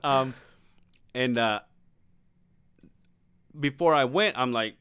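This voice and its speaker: A man's voice: mid-range voice, slow, a bit bright, smooth, no room sound. A man co-hosting a casual podcast, telling a long story with lots of swearing and laughing as he goes. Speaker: podcast co-host.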